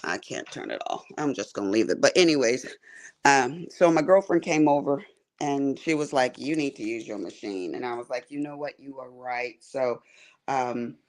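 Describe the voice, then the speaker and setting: A woman chatting on a sewing and embroidery livestream from her quilting area, animated, calling viewers honey and y'all. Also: sits low. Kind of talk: casual livestream chat.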